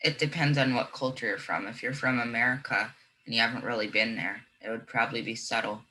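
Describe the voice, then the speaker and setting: A male student with a bright, forceful voice gives brief, considered answers in a class discussion. A faint hiss of noise sits under his voice. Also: mid-range voice, steady tone, quick pace, poor audio.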